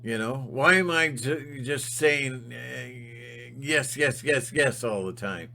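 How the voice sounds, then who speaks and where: A man voicing a bullied schoolboy who turns furious and defiant, shouting back at his bully. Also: medium pitch, takes it slowly, creaky, exaggerated voice. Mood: frustrated.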